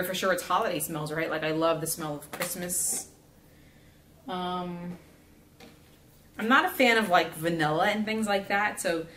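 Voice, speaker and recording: Building a gingerbread house, a young woman from South Florida chats casually in her vlog, rambling and using many fillers. Her voice is on the low side and a bit bright, heard in an echoey room with faint background hiss.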